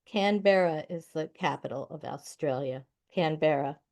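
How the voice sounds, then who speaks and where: A woman hosting a library trivia night, reading out questions and their answers in a deliberate way. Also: deep voice, darkish tone. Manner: slow, deliberate, announces each question number. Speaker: trivia quiz host. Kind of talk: reading quiz answers aloud.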